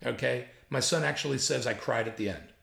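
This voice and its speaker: Sixties New York writer, gravelly, spins lively anecdotes in an echoey room. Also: male voice, mid-range voice, a little fast. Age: 60s. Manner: animated anecdotal storyteller, gravelly. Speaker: guest, writer. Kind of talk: storytelling interview. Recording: roomy echo.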